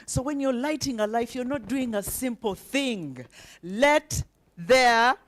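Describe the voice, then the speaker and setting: A woman's voice: fairly high pitch, expressive, normal speed, darkish tone. A woman giving an inspirational speech at a breakfast event, emphatic and repetitive, asking the audience rhetorical questions and getting them to repeat after her. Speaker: keynote speaker. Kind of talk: inspirational speech with call-and-response.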